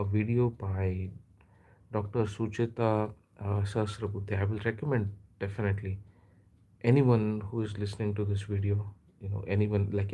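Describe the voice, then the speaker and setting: A man from India chats his way through a casual live stream in a low, husky voice. He rambles from one thought to the next, stopping often to hesitate and correct himself. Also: dark tone. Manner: rambling, chatty, frequent hesitations and self-corrections. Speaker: livestream host.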